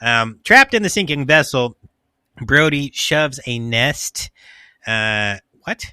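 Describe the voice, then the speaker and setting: A man's voice: medium pitch, expressive, slow, pushed and bright, smooth, no echo. A man hosting a casual podcast, reading a plot recap with joking, profane asides. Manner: joking, swears freely, loose asides. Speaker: podcast host.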